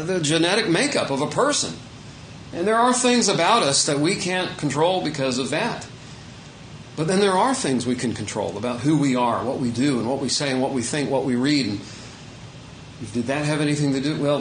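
A man preaching an unscripted, conversational sermon as pastor, shifting between emphatic points and quiet asides. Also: a little high, echoey room, a little hiss or hum, low-quality recording.

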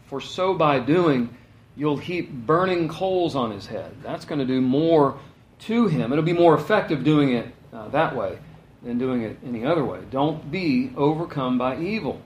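A man's voice: mid-range voice, lively intonation, normal speed, a little hiss or hum. A man giving a conversational sermon, reading scripture and telling stories with casual asides. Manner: conversational, storytelling with asides and chuckles. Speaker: pastor. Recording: echoey room.

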